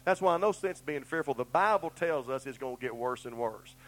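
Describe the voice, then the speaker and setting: A man's voice: mid-range voice, animated, fairly quick, fairly bright tone, low-quality recording. A middle-aged man, preaching a sermon in a folksy, earnest way and telling down-home stories. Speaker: pastor.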